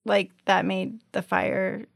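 A woman's voice: mid-range voice, flat delivery, takes it slowly, gravelly, no echo, studio quality. A middle-aged woman co-hosting a podcast, chatting casually and backing up her co-host.

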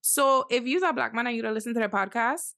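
A woman's voice: fairly high pitch, fast talker, creaky, sharp tone, no echo, studio quality. A woman hosting a podcast, brash and joking with frequent swearing. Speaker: podcast host. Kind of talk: casual podcast chat.

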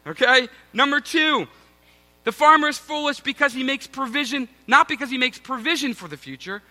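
High, bright-voiced pastor preaching casually. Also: male voice, moderate pace. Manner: self-mocking, conversational, addresses congregation as guys. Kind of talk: sermon with personal story.

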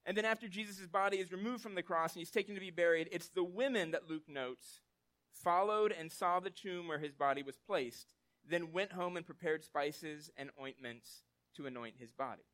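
A man's voice: high-pitched, normal speed. A man preaching a sermon in a casual, conversational way, often checking in with listeners and acting out short quotes as he tells the story. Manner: conversational, tag questions like "right?"; animated storytelling with acted quotes. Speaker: pastor.

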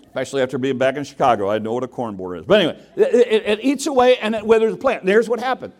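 A man's voice: high-pitched, racing, darkish tone. A man preaching a sermon to his congregation in a conversational way, often putting questions to the listeners. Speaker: pastor. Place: church sanctuary.

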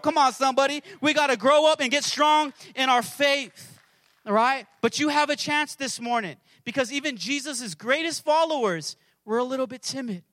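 A male pastor preaching with a strikingly high, bright, ringing voice. He calls out to his congregation, swings from loud shouted prayers down to near-whispers, and sounds close and dry on the mic. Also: normal speed, dry recording. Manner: impassioned preaching, shouting prayers and dropping to a hush. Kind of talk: sermon.

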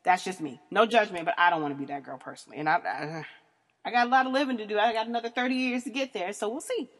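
A fast-talking woman in her thirties with a mid-range voice hosts a podcast, telling a candid story bluntly and crudely while laughing. Long reverb colors the recording.

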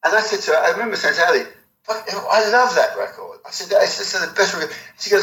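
A middle-aged man telling a rambling, animated story in an interview, swearing freely. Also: high-pitched, fast talker. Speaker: album cover designer, guest. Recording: echoey room.

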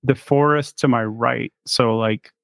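A man's voice: mid-range voice, fairly even intonation, unhurried, creaky, no echo. A man from Chicago co-hosting a podcast, chatting casually and rambling with lots of fillers and laughs. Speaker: podcast co-host. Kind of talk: casual chat.

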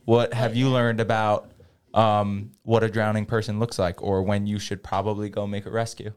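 A man's voice: fairly low pitch, little pitch movement, moderate pace, darkish tone, smooth. A man co-hosting a lifeguard podcast, playfully interviewing a guest with leading questions. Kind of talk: casual chat, interviewing a guest.

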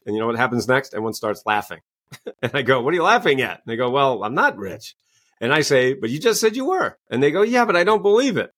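A man's voice: mid-range voice, fairly bright tone. A man, a coach and author, answering interview questions with enthusiastic storytelling. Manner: enthusiastic, storytelling, acts out quoted voices. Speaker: guest, executive coach and author.

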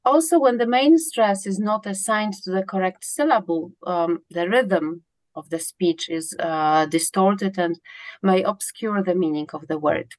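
A woman's voice: medium pitch, measured pace, no echo. A woman researcher answering interview questions in a hesitant way, with many fillers and restarts. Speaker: guest, pronunciation researcher.

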